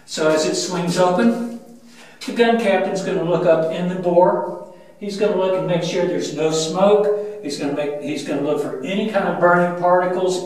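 An older man working as a museum ship guide, walking through the loading steps with frequent uh-fillers and a steady, methodical explanation. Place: inside a steel gun turret on a battleship. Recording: booming metal-room echo, mic at a distance.

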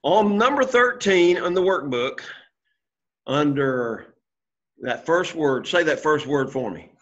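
A man's voice: on the high side, expressive, slow, a bit bright. Patient male Greek teacher, muffled recording. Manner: patient, repetitive explaining with frequent "okay?" check-ins. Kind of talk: classroom lesson. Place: classroom.

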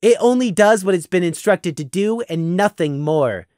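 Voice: mid-range voice, animated, moderate pace, darkish tone, dry recording, clean studio sound, voice pushed up, natural voice. A man voicing a young male lamb who explains things in a cutting, matter-of-fact way. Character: young male lamb, sharp-tongued and knowing.

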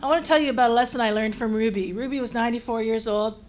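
A woman from Canada, a care home administrator, telling a story on a panel in a lively, self-mocking way. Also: fairly high pitch, rapid-fire.

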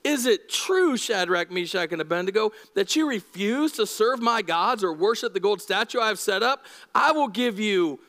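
A man's voice: sits high, animated, normal speed, few pauses, a bit bright. A man voicing a stern ancient king who threatens and commands. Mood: threatening. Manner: menacing, commanding.

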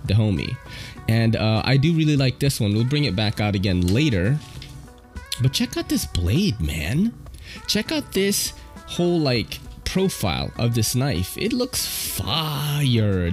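A man's voice: medium pitch, a little mellow. Laid-back slangy New man. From New York City. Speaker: knife review vlogger. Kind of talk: casual off-the-cuff product review. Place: home, at a table.

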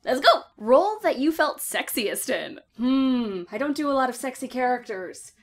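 An upbeat woman voice actor talks through her roles in a bubbly, casual vlog. Her voice sits on the higher side, and she gushes with playful excitement. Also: moderate pace. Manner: exuberant, gushing, playful. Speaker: voice actor and video host.

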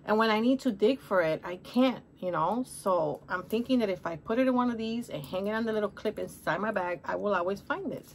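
A woman's voice: mid-range voice, a little fast, few pauses, a little hiss or hum. A middle-aged woman with a Spanish accent, chatting upbeat through a shopping haul and calling viewers honey. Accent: Spanish-accented English. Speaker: haul vlogger. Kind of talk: casual shopping haul chat.

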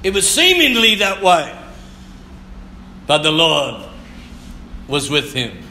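High, bright-voiced preaching man. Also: huge pitch swings, slow, echoey room, slight background noise. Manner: fervent preaching, repeats phrases, bursts into shouts and snatches of song. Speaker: pastor. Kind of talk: sermon.

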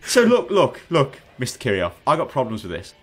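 A man hosting a gaming podcast over voice chat, ranting in an animated, sarcastic way. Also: medium pitch, a little fast. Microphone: headset on voice chat.

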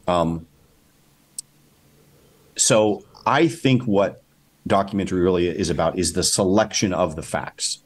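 A male documentary filmmaker talking casually as an interview guest, thinking aloud with many fillers and restarts. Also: sits low. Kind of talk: casual conversation.

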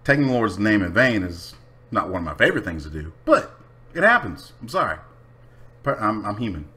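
Man, lowish voice, lively swinging delivery, blunt and sweary, casual rant to camera. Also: a little fast. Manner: blunt, profane, unapologetic. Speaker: vlogger.

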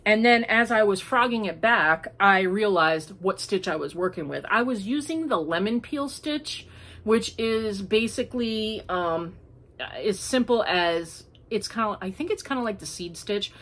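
A woman's voice: medium pitch, animated, measured pace, fairly bright tone. Chatty woman hosting a crafting podcast. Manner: chatty and rambling, with many fillers. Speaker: crochet podcast host. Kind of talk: casual chat. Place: at home.

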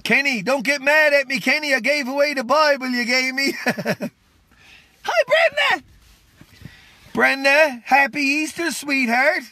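Excitable high-voiced preacher. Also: male voice, moderate pace, no echo. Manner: excitable, exclamatory, fervent. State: worn out. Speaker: street preacher hosting a live stream. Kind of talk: impromptu livestream preaching and greetings.

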